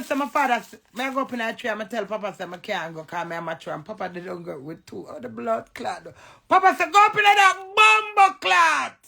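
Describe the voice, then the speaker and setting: A man's voice: sits high, creaky, breathy edge. A man with a Jamaican accent, telling stories and swearing freely in a casual live-stream chat. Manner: animated, swears freely, storytelling.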